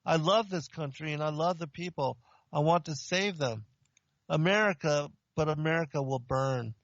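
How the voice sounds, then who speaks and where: A man's voice: fairly high pitch, no room sound, lo-fi sound, lightly acted. A man voicing a stern male angel of God who gives solemn, commanding warnings. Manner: solemn, slow, commanding pronouncements.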